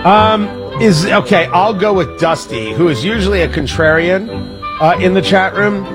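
Over music, a man hosting a radio show speaks in a high voice at a moderate pace with an American Midwest accent. He trades on-air banter, laughing a lot and making jokes at his own expense.

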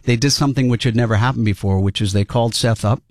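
A man's voice: mid-range voice, fast talker, dry recording, clean studio sound. A man in his fifties from Rhode Island with a Rhode Island accent, telling stories in a casual interview. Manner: chatty anecdotal storyteller. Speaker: guest, sitcom and cartoon writer.

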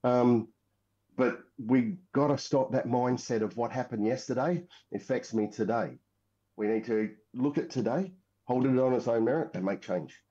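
On a dull, lo-fi recording, an Australian veteran from Western Australia speaks in a warm, mid-range voice at a moderate pace. The middle-aged man recounts his story loosely, with plenty of fillers and false starts.

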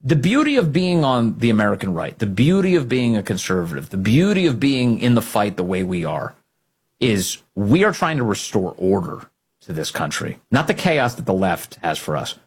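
Husky man with a lively, emphatic delivery. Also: fairly low pitch, moderate pace. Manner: emphatic, indignant, repeats key phrases. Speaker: political commentary host. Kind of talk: political commentary monologue.

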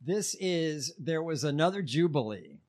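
A man's voice: on the high side, animated, measured pace, darkish tone. A man co-hosting a casual chat, hesitantly introducing video clips with many ums and uhs. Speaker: podcast co-host.

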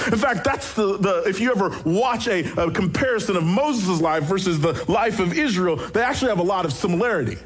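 Husky-voiced man preaching conversationally. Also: high voice. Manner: animated, conversational preaching with quick asides. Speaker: pastor. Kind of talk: sermon.

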